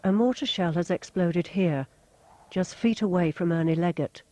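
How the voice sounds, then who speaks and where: A documentary narrator reading a scripted account in a measured, formal way. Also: medium pitch, warm tone, a little hiss or hum. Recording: narration over war sound effects.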